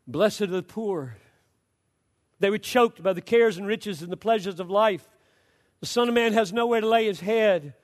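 A man preaching a sermon with passion, moving between loud exhortation and low, hushed storytelling. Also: moderate pace, long reverb tail.

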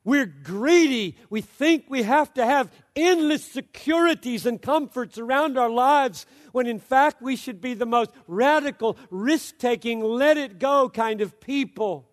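A man preaching a sermon with passion, moving between loud exhortation and low, hushed storytelling. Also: measured pace, few pauses, in a large hall.

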